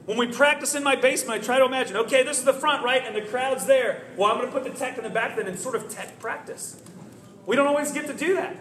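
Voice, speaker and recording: A high-pitched man talks with animated, self-critical energy, slipping into quick acted-out dialogue. His bright voice rings in an echoey room with slight background noise. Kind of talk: casual talk, recounting mistakes.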